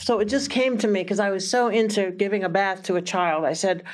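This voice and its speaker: Woman minister telling a story, halting and chatty, keeps laughing, does little voices. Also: mid-range voice. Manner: halting, laughs often between lines; lively quoted voices. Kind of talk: personal storytelling talk.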